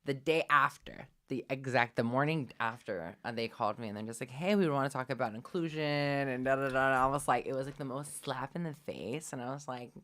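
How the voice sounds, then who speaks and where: A woman appearing as a guest on a podcast, chatting candidly and filling pauses with "um" and "like.". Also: very deep voice, fairly even intonation, pushed and bright. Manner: chatty and candid, with frequent fillers. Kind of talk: casual podcast chat.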